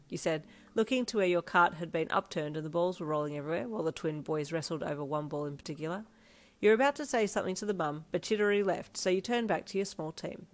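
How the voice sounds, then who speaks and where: A woman reading a second-person fanfiction story in a steady storytelling voice. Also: fairly low pitch, fast. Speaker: fanfiction narrator. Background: soft instrumental music.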